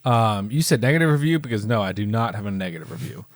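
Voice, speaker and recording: Podcast co-host, male, playful and hesitant, lively pitch, dry close sound. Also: fast talker, no echo. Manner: animated, hesitant with many fillers, playful. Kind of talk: casual movie chat.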